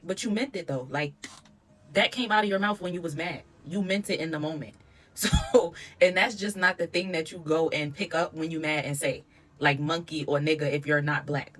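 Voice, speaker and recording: Low-voiced blunt woman reviewer. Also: a bit bright. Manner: opinionated, blunt, swears freely. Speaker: reality TV reviewer. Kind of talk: casual commentary.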